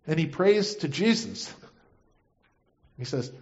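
A man's voice: fairly high pitch, expressive, a little slow, a little mellow, lo-fi sound. A man preaching a sermon, retelling scripture and acting out the quoted voices with feeling. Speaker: pastor.

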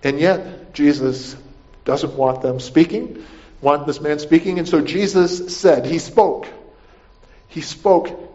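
A man's voice: on the high side, takes it slowly, a little mellow. Man preaching on a dull recording. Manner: conversational preaching, asks "right?", repeats and restarts. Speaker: pastor. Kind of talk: sermon.

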